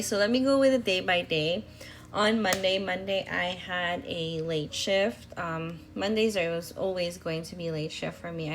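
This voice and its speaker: A woman's voice: on the low side, vocal fry, fairly bright tone, slight background noise. A young woman talking casually in a voice-over about her planner spreads, rambling with fillers and restarts. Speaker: planner vlogger.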